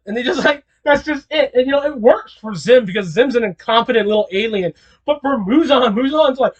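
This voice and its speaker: A man delivers a casual commentary monologue in an animated, incredulous way. He rambles, restarts his sentences and repeats his questions as he talks. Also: very high voice, brisk, husky, lo-fi sound. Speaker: video creator.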